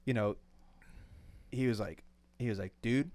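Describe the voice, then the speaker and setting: A man co-hosting a casual podcast chat, telling driving stories in an animated way and swearing freely. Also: lowish voice, moderate pace. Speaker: podcast co-host.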